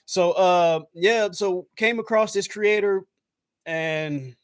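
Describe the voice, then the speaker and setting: Talking slowly and clearly, a US YouTube host relaxes into rambling live-stream chat, peppered with "man" and "I was like," livening up whenever he acts out what he was thinking. His resonant voice sits slightly high for a man, and the sound is close and dry with no echo.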